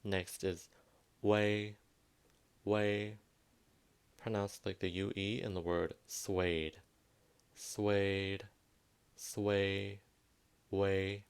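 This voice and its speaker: A man with a Southwestern Vietnamese accent giving a pronunciation lesson, repeating each word slowly and carefully. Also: deep voice, flat delivery, gravelly, clean tone. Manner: slow, careful teaching, repeats words for emphasis. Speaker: language teacher.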